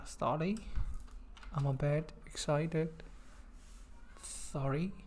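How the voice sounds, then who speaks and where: A man in a casual live-stream chat, playful and self-mocking, apologizing often and trailing off into drawn-out fillers. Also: a little high, a little mellow, a little hiss or hum.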